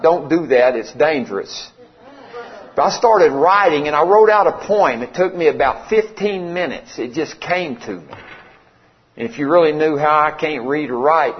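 A middle-aged man, preaching a sermon in a folksy, conversational way and acting out the dialogue of a story. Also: on the high side. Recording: slightly dull lo-fi sound.

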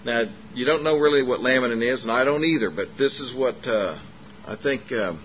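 A man preaches in a folksy, animated way, slipping into the voices of the people in his story. The recording is muffled and lo-fi, with a faint hiss underneath. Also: mid-range voice, a little fast. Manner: folksy, animated retelling with acted dialogue and frequent fillers. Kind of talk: sermon storytelling.

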